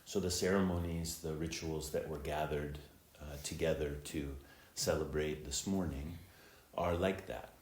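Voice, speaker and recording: A middle-aged man giving a dharma talk as Zen teacher and preceptor, reflective and unhurried, with many ums and uhs. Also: extremely low pitch, fairly even intonation, a little mellow. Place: temple hall. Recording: echoey temple hall, faint ambience.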